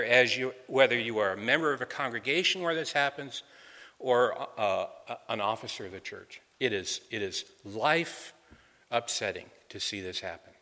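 Bright-voiced preacher in a reverberant hall. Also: male voice, mid-range voice. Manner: earnest expository preaching, repeats words when restarting. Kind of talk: sermon.

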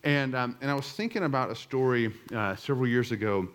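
A man's voice: medium pitch, brisk. Casual self-mocking man telling a story. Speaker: church speaker. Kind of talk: storytelling talk to a group.

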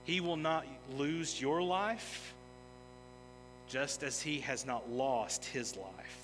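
A man's voice: mid-range voice, slow. A man preaching a sermon as a pastor, earnest and emphatic, building intensity in places. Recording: long reverb of a large hall with music.

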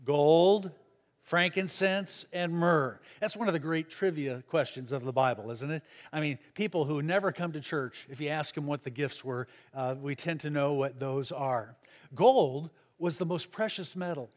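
A man's voice: moderate pace, big-room sound. A pastor preaching a sermon to his congregation, raising his voice for emphasis and asking them questions. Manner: dynamic preaching, pitch and volume rising for emphasis, asks the congregation questions. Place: church.

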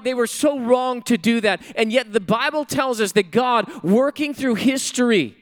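A man's voice: very high-pitched, moderate pace, hardly any pauses. A male pastor preaching a sermon in a church, emphatic, repeating key phrases and putting questions to the congregation. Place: church sanctuary.

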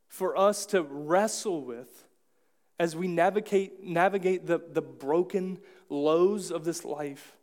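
Man, pastor, high voice, conversational sermon, quick asides. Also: darkish tone. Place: church.

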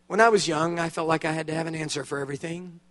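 An older man preaching a sermon as guest speaker, telling his story animatedly, with big swings between loud bursts and hushed solemn passages. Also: steady tone, quick pace. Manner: drops to a hushed, low delivery on solemn points. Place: church conference hall.

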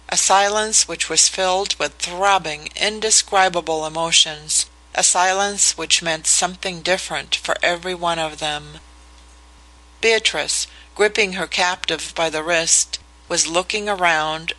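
An audiobook narrator reading a novel in a measured, even way. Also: mid-range voice, rough recording. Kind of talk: scripted narration.

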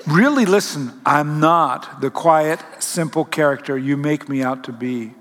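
A man's voice: on the high side, unhurried, fairly bright tone. A man playing a watchful, protective father who speaks firmly and insistently. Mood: firm, resolute. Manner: firm, insistent. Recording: long hall reverb.

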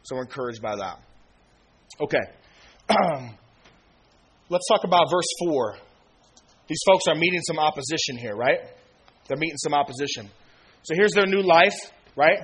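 A male pastor in his thirties delivers a sermon in loose, conversational slang, often acting out exchanges with friends. His voice sits a little high and sounds bright and forward. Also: lively intonation, moderate pace, long pauses, husky. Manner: casual, slangy, acts out quoted friends with laughs.

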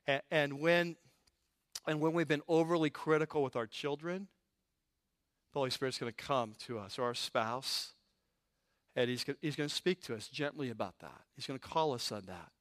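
A high-pitched male pastor delivers a sermon in a lively, comic storytelling manner. His voice is close and dry, with no echo around it. He leans into the punchlines with animated energy. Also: normal speed, pauses often.

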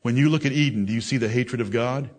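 He's a preacher delivering a fiery, confrontational sermon, berating his listeners as he moves from loud declaiming to low, intense reasoning aimed at them. He speaks fast.

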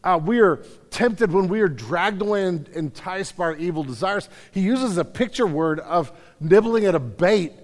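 A man's voice: high-pitched, expressive, normal speed, long reverb tail. A man preaching a conversational sermon, self-deprecating, with many repeated starts. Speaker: pastor. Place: church hall.

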